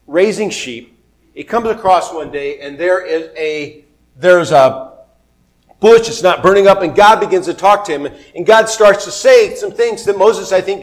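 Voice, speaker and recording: A male pastor preaching a sermon in a conversational, animated way, acting out biblical figures and asking the congregation questions. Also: sits high. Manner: conversational, asks the audience questions.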